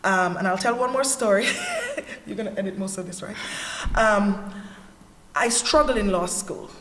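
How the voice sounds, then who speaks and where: A woman's voice: medium pitch, normal speed. Jamaican woman telling her story, echoey hall. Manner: earnest storyteller, candid and animated. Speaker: panelist. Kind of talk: personal testimony in a panel talk. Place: church hall. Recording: echoey hall with faint ambience.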